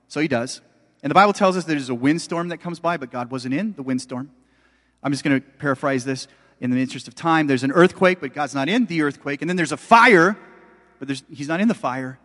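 Middle-aged guy preaching, chatty and emphatic, kinda high voice, long echo like a big hall. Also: a little fast, fairly bright tone. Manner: conversational, emphatic, addresses audience directly. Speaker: pastor. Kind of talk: sermon.

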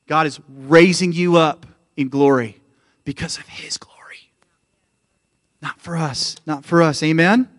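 A man's voice: medium pitch, no room sound, clean studio sound. A Canadian man preaching a sermon as lead pastor, with an emphatic delivery that keeps calling out to the church.

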